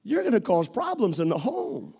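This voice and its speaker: A male preacher delivering a dramatic sermon, acting out quoted voices and swinging from loud to hushed. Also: sits high, huge pitch swings, normal speed, vocal fry, husky.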